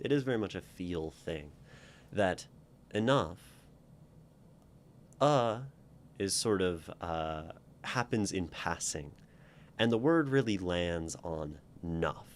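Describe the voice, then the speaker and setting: A man's voice: low voice, a little hiss or hum. A man hosting a poetry channel, talking viewers through a poem. He thinks aloud and keeps checking in with "right?". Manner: thoughtful, often checks in with "right?".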